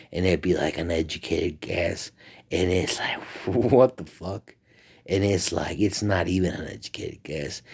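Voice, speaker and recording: A man's voice: low voice, creaky, darkish tone, breathy edge. A man talking in a rambling, profane monologue that often drops to a whisper. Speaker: vlogger.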